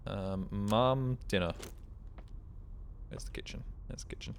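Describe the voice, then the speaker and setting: A man casually commenting while he plays a horror game live, rambling and joking, swearing and yelling at scares. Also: lowish voice, unhurried, pauses often, slight background noise. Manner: rambling, jokey, swears, yells at jump scares. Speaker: streamer.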